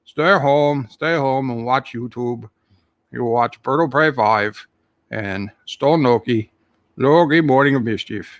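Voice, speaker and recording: A man's voice: mid-range voice, slow pace, no echo, close to an everyday voice. A man voicing a jolly Irish leprechaun who rambles through tall tales, full of "aye" and "wee lad", with a put-on Irish accent. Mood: cheery. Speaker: channel host. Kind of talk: comic character monologue.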